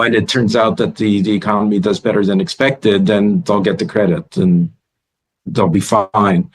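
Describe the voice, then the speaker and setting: A man who is a guest analyst in a remote interview, thoughtful and halting with repeated starts. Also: on the low side, poor audio.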